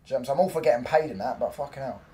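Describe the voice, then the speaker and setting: A young man, chatting casually on a football watchalong stream, swearing freely and breaking into loud reactions to the match. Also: medium pitch, racing. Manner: loose, swearing banter, reacts loudly to the match. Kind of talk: casual live-stream chat.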